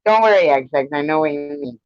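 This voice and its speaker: A man's voice: on the high side, animated, fast talker, smooth, dry recording. A man hosting a casual trivia livestream from home, keeping score and teasing the players in a chatty way. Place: at home with a cat. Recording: dull, dry lo-fi stream audio.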